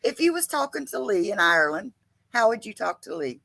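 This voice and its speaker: A woman's voice: mid-range voice, sing-song, a little fast, vocal fry, pushed and bright, no room sound, rough recording. A woman co-hosting a casual livestream chat, chatty and laughing often. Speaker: co-host.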